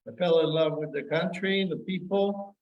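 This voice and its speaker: A man introducing himself slowly and haltingly, correcting himself as he goes. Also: fairly high pitch, highs cut off. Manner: slow, halting, self-correcting. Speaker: co-host. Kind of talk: casual introduction.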